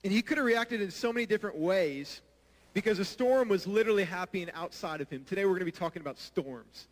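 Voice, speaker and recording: Man, preacher, sermon, earnest, questions the audience, fairly high voice, long reverb. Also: animated, fast talker. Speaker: pastor. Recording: long reverb of a large hall.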